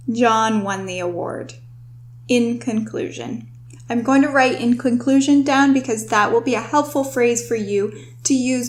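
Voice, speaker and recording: Hosting a scripted vocabulary lesson, a young woman who works as a writing tutor speaks in a fairly high voice. Her explanations of each word are clear and instructive, and she slows her delivery to emphasize the key terms.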